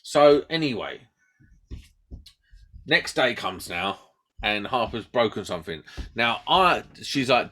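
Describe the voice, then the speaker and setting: Animated British man telling a story. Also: mid-range voice, takes it slowly, pauses often. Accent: British English. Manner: animated storyteller, acts out quotes loudly. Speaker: podcast co-host. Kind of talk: casual chat.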